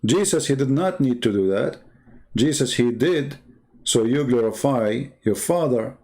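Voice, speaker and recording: A man's voice: medium pitch, animated, measured pace, mellow. A man arguing in a debate, firing mocking rhetorical questions in English with non-native grammar. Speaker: Christian debater. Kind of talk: argumentative debate talk.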